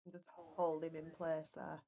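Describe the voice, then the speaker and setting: A woman's voice: deep voice, monotone, unhurried, dark tone, lo-fi sound. A woman playing a tabletop game, unsure and asking about her options. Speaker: player. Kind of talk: casual chat at a game table.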